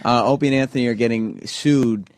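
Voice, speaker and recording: A man's voice: mid-range voice, steady tone, brisk, darkish tone. A man co-hosting a radio talk show, casually explaining an update. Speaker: radio co-host.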